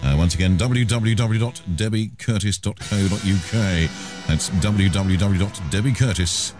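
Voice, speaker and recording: A man's voice: fairly low pitch, normal speed, music in the background. A man hosting a radio show, chatting casually and trading cheeky jokes with his guest. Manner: joking, teasing, cheeky. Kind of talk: casual on-air banter.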